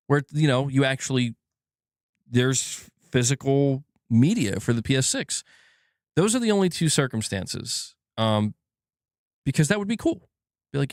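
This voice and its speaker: A man's voice: medium pitch, moderate pace, no room sound. Gaming streamer guy, worked up and swearing a lot, mid voice, dry close sound. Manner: animated, emphatic, swears freely. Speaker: gaming channel host. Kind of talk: casual livestream commentary. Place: alone at home.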